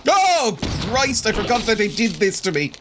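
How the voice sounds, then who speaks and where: A man's voice: high-pitched, big pitch swings, normal speed, noisy background. An Irish man in his late twenties giving chatty, self-mocking commentary while he plays a game and often breaks into exclamations. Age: late 20s. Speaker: let's play host. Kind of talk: gameplay commentary.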